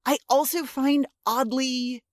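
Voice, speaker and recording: Higher-voiced woman, halting podcast chat. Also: steady tone. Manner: halting, searching for words, swears casually. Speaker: podcast co-host. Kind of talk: casual chat.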